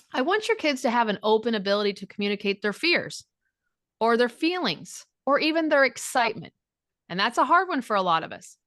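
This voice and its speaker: A woman's voice: fairly high pitch, a bit bright, dry recording, studio quality. A middle-aged woman speaking as a divorce recovery coach, blunt and frank, swearing freely and acting out quoted dialogue. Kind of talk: direct coaching talk.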